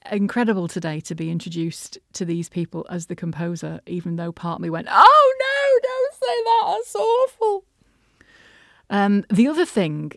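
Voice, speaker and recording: A woman talks through her day on her own small podcast, lively and quick to poke fun at herself. Her voice sits on the low side, and the recording is dry and close with no room echo. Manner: chatty, self-deprecating, animated. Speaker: podcast host, composer and voice actor. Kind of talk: casual solo podcast chat.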